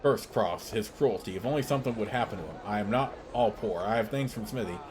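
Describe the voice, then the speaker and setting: A man's voice: on the low side, fast talker, noisy background, lightly acted. A man voicing a drunk, angry male blacksmith who grumbles bitterly in broken sentences while reading a game's dialogue.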